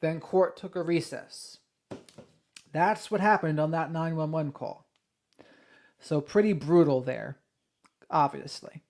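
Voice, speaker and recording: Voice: mid-range voice, slow pace, pauses often, darkish tone. A true crime livestream host, conversational and thinking aloud, who reads out a call transcript and then comments on it.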